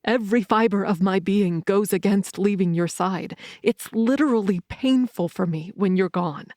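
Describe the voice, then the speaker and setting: A woman voicing a protective, blunt young male werewolf in an audiobook, speaking a little lower and in an earnest, steady way. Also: normal speed, no echo, clean studio sound, natural voice. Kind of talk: audiobook character reading.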